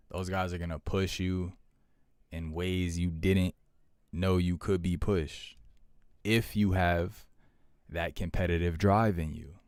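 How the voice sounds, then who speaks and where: Deep-voiced laid-back young man streaming. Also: clean tone, no room sound, clean studio sound. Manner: laid-back, talks to chat, repeats himself. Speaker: livestream host. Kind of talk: casual livestream chat with viewers.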